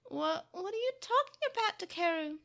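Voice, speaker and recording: A woman voicing a small, loyal baby creature who shouts and pleads frantically in a storybook reading. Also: extremely high pitch, expressive, moderate pace, voice pushed up, heavily acted. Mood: pleading.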